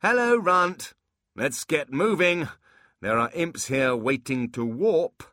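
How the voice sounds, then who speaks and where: A man's voice: medium pitch, big pitch swings, slow, sharp tone, no echo, studio quality, voice pushed up, heavily acted. A man playing a jeering armoured demon boss. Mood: mocking. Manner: taunting, jeering. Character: mocking bullying male demon leader, armoured.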